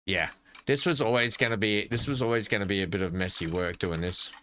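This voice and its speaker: A man's voice: fairly low pitch, fairly even intonation, a little fast, a bit bright, slight background noise. An Australian man hosting a casual gameplay commentary, chatty and jokey, talking to himself as he plays. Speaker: gaming channel host.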